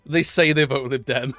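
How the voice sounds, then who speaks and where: A man, slightly higher-pitched than most, chats on a live stream in a loose, joking way, laughing often and wandering off into tangents. His voice sits close and dry on the mic. Faint music plays underneath. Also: bright, forceful tone, dry recording. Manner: playful, laughing often, swearing, rambling. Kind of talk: casual live-stream chat.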